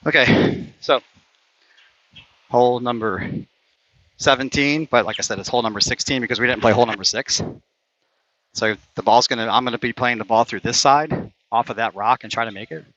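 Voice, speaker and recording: A man's voice: mid-range voice, a little fast, long pauses, fairly bright tone, lo-fi sound. A man playing a round of mini golf outdoors, commentating it live and getting frustrated and competitive over bad shots. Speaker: player commentating his own round. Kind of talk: casual play-by-play while playing.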